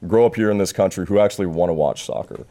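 A man's voice: sits low, background noise. A man co-hosting a casual sports podcast, delivering a fired-up rant and laughing at himself. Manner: fast, fired-up, self-deprecating. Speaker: podcast co-host. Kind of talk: casual sports chat, ranting.

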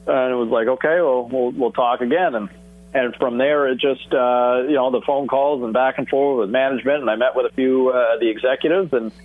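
A man's voice: medium pitch, brisk. A middle-aged man from Canada telling a story about his broadcasting career in a casual interview, acting out bits of dialogue. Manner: animated, acts out phone dialogue. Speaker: sports broadcaster guest. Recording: tinny phone-like audio.

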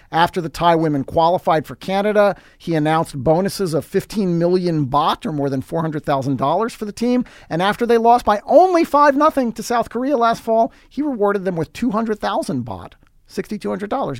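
Male podcast host, sarcastic and wry, slightly high voice, dry close sound. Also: dry recording. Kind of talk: scripted sports commentary.

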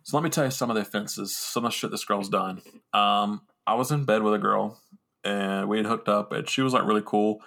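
On his podcast, a young man rambles through a story, swearing freely and poking fun at himself, his loose, casual talk full of restarts and fillers. His low voice has a gravelly fry with a bright, forward edge, and he speaks briskly in a steady tone.

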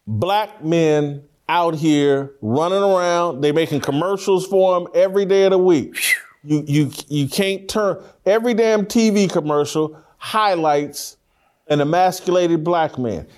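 A man's voice: high-pitched, darkish tone. A man hosting a talk show in a studio, giving blunt, emphatic opinions and repeating himself as he argues. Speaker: show host. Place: studio room with three people.

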